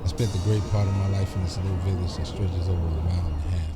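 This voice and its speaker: A man giving scripted documentary narration in a measured, solemn way. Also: low voice, steady tone, loud music behind the voice.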